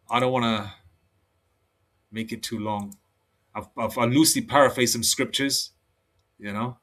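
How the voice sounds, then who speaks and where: Guy preaching on his own, rambly and worked up, medium voice, slows way down for scripture. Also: mid-range voice, a bit bright. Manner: rambling, with frequent restarts; reads scripture slowly, aloud. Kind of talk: solo religious monologue.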